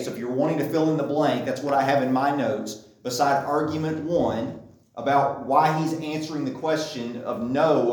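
A man's voice: fairly high pitch, darkish tone. A man teaching a sermon in a conversational style, often checking in with the congregation, recorded from a distance in a very echoey church room. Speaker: preacher.

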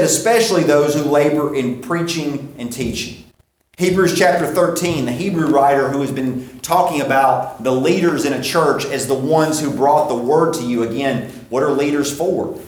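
Guy preaching, asks stuff then answers it, slows way down on the big points, huge echoey church hall. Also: mid-range voice. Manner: asks the crowd questions and answers them, slows down to stress points. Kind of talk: sermon.

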